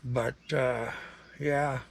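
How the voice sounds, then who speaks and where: A man's voice: medium pitch, steady tone, very slow, vocal fry, husky. A man, rambling casually to camera in a laid-back vlog chat. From Canada. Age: 60s. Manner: rambling, laid-back, frequent fillers and asides. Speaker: vlogger.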